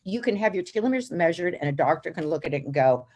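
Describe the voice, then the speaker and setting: A woman with a lowish voice tells her story with lots of energy. She acts out each quote, and her pitch leaps up as she does. It sounds like an interview guest on a roll. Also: quick pace. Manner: lively, acts out quotes with big pitch jumps. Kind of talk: animated storytelling.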